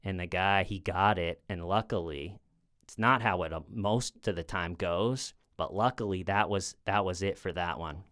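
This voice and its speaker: A man's voice: low-pitched, normal speed, a bit bright. A man in his thirties, a comedian, casually telling a rambling true-crime story at home, often restarting his sentences. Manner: rambling, with many restarts, acting out quoted people.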